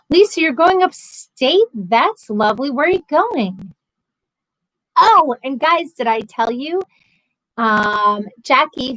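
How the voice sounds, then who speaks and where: A woman's voice: on the high side, fairly bright tone, no room sound, poor audio. A woman in her thirties hosting a casual livestream from home, chatting and reading out viewer comments with lots of ums and restarts. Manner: chatty, rambling, frequent ums and self-corrections. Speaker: livestream host.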